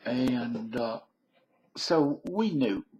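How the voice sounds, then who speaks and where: Man, 50s, Southern US accent, slow unhurried pace, meandering folksy monologue. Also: medium pitch, lively intonation, dark tone, rough recording. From Southern United States. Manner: meandering, folksy storyteller, drawn-out phrases. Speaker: video blogger. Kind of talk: casual rambling monologue.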